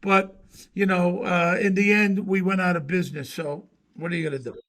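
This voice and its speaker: A man's voice: high-pitched, steady tone, normal speed, a bit bright. A middle-aged man being interviewed over a video call, chatting in a rambling way full of filler phrases. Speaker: actor guest. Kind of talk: casual interview chat.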